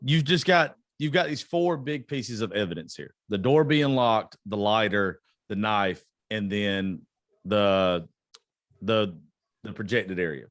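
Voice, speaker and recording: A man's voice: fairly low pitch, takes it slowly, a bit bright, dry recording. Hesitant man with a Southern twang, dry sound. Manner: hesitant, self-conscious, apologetic. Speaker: podcast host. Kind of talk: casual podcast interview.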